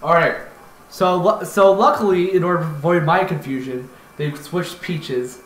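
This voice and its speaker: A young man doing casual esports commentary as a bemused newcomer who breaks into excited shouts. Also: on the high side, moderate pace. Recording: roomy echo with faint noise.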